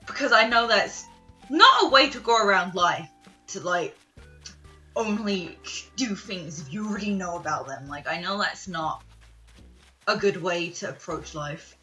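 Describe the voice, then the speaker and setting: A young woman streamer rambling in casual chat, excitable, with lots of fillers and laughs. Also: mid-range voice, normal speed, soft background music. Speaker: gaming streamer.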